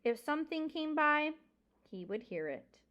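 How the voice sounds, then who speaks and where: A woman's voice: high voice, sing-song, unhurried, bright, forceful tone, dull audio. A woman reading a children's novel aloud, expressively, and pointing out the pictures. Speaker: reader.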